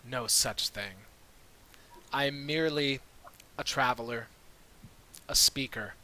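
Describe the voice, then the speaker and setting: A man voicing a very old, quiet male elf traveler who speaks slowly and cryptically over a video call mic. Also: medium pitch, poor audio. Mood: cryptic. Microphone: video call microphone.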